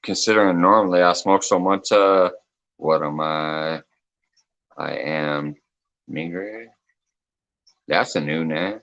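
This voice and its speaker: A man's voice: sits low, takes it slowly, pauses often, a bit bright, highs cut off. A man hosting a casual late-night livestream chat, reading comments aloud, laughing often and swearing freely. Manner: loose, joking, swears freely. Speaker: livestream host.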